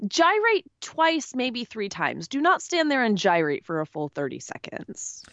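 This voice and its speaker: A woman co-hosting a casual recap podcast, opinionated and animated with quick asides. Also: a little high, no echo, muffled recording. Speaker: podcast co-host. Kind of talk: casual chat recapping wrestling.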